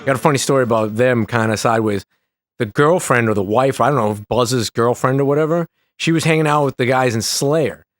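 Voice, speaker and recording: A man's voice: mid-range voice, fairly quick, no room sound, clean studio sound, soft background music. A man telling a rambling backstage story as a podcast guest, full of swearing and restarts. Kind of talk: casual storytelling chat.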